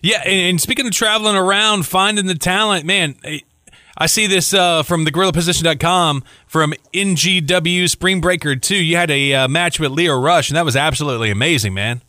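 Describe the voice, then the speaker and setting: Bright-voiced male interview host. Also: a little high, fairly quick, no echo, studio quality. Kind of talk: casual interview.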